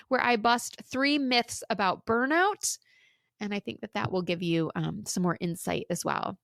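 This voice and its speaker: A woman's voice: fairly high pitch, no room sound, studio quality. A woman in her thirties hosting a solo career-coaching podcast, talking in a chatty, candid way and acting out the stories she tells. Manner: chatty, candid, animated storytelling.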